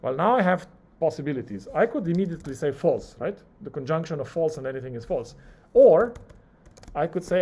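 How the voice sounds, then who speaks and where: Guy lecturing while he codes, fairly high voice, reads out keys and plays the program answering back. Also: lively intonation, quick pace. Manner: talks through keystrokes, acts out the software's replies. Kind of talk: live coding lecture.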